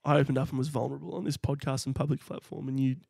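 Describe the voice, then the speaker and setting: A young Australian man co-hosting a comedy podcast, telling stories in an animated way and laughing often. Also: mid-range voice, rapid-fire, vocal fry, no echo, clean studio sound. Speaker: podcast co-host. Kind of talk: casual comedic chat.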